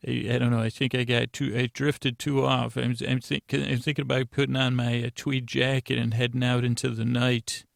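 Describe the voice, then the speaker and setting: A man's voice: mid-range voice, little pitch movement, normal speed, creaky, few pauses, dry recording, clean studio sound. A man hosting a bedtime podcast, rambling and meandering with many restarts. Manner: meandering, self-interrupting, drowsy. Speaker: podcast host.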